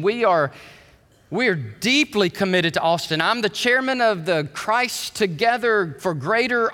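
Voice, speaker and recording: A pastor preaches in a big church, his bright, forceful voice ringing through a long reverb. He swings from hushed, low asides up to high, loud bursts. His pitch sits a little high for a man. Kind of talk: sermon. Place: church sanctuary.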